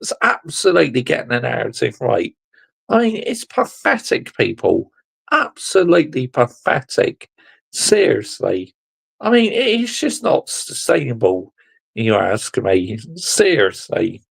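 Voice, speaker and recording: Brief: man, fan vlog rant, slow delivery with wild pitch swings, sarcastic and fed up. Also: sing-song, vocal fry, husky. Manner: exasperated, sarcastic, swears, keeps addressing "people". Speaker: football fan vlogger.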